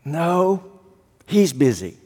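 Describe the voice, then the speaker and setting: A man putting on a hushed little boy on the phone. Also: a little high, drawn-out words, husky, big-room sound, full character voice. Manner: hushed, short deadpan answers. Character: four-year-old boy whispering on the phone.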